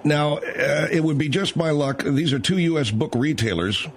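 A man's voice: on the high side, normal speed, slightly rough. A man hosting a late-night radio talk show, rambling and hesitant with many fillers and restarts as he reads out the number and sets up a story.

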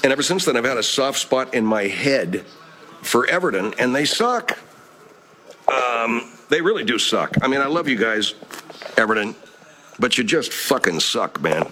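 A man's voice: fairly low pitch, pushed and bright, slight background noise. Profane, rambling man hosting a live chat. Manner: profane, rambling, laid-back. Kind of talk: casual live-stream chat reading comments.

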